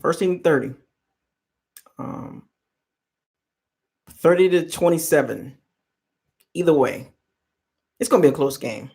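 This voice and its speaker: A man's voice: fairly high pitch, a little slow, gravelly, pauses often, darkish tone. A man hosting a football fan channel, chatting casually on a live stream and teasing fans in the chat. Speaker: sports channel host.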